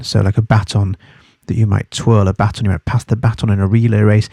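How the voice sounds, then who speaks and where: A man teaching as he explains a novel for a study guide, halting and thorough, spelling terms out. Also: fairly low pitch, level tone, gravelly, mellow, no echo.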